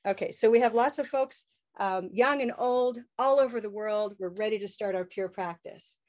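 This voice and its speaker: A woman's voice: mid-range voice, normal speed, a little mellow. Upbeat woman leading class chants. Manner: upbeat, leads call-and-response chants. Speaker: English pronunciation teacher. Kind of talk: live online class with chants.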